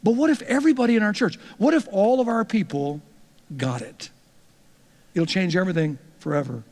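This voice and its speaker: A male pastor with a high voice talks to church leaders in a loose, storytelling way, stumbling over repeated words as he starts a point. His voice rings with long reverb from a large church hall. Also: fairly quick, darkish tone. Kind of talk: teaching talk to church leaders.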